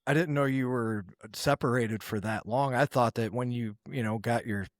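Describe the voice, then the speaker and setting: A man's voice: medium pitch, moderate pace, no room sound, clean studio sound. A man hosting a podcast, interviewing a guest in a supportive way and affirming him often. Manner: supportive, frequent agreeing interjections. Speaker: podcast host.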